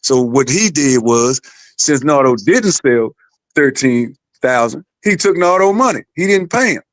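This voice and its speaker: A man's voice: mid-range voice, expressive, measured pace, no echo. A man, the father of a boxer, telling a story in blunt, profane casual podcast talk.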